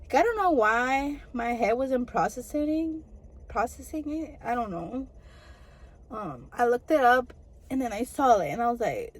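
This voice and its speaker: A young woman talks to her camera in a loose, chatty storytime manner. Her voice sits a little high, and she sprinkles "like" and "girl" through her sentences as she goes. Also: moderate pace, low-quality recording. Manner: chatty, lots of "like" and "girl" fillers. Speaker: vlogger. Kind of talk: casual storytime chat to camera.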